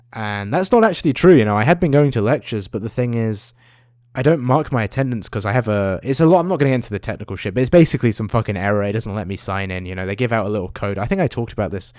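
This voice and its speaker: A man's voice: lowish voice, lively intonation, fast talker, darkish tone, no room sound, clean studio sound. Rambling, profane young man. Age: young adult. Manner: rambling, profane, self-mocking. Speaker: vlogger. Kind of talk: casual rant to camera.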